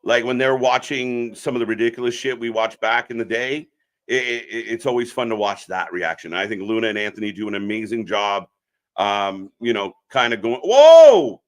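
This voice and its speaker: A man co-hosting a live wrestling stream, chatting casually and reacting loudly to the action. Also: lowish voice, fairly even intonation, normal speed.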